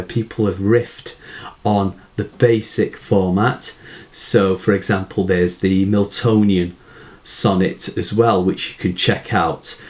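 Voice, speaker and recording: A man teaching poetry in a measured way, asking rhetorical questions and reading verse slowly aloud. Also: lowish voice. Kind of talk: explanatory lesson.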